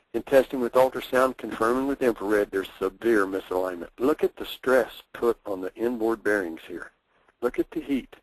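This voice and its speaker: A man's voice: mid-range voice, no room sound, low-quality recording. A man presenting a technical training webinar, plainspoken and repeating his key points for emphasis.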